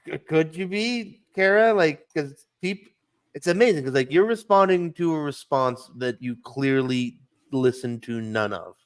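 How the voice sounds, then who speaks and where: A man co-hosting a casual podcast, halting and scornful, often laughing. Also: on the high side, lively intonation, smooth. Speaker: podcast co-host.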